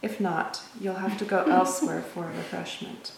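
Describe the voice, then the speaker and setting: Woman, gravelly voice, calm story reading, very echoey room. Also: fairly low pitch, moderate pace, a little hiss or hum. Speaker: group member reading aloud. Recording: very echoey room, mic far off.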